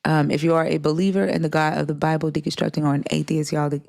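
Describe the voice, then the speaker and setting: A woman with a notably low voice hosts a relaxed livestream conversation. She rambles in loose, chatty sentences, trails off often and laughs easily. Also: fast talker, vocal fry. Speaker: livestream host. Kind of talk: casual chat.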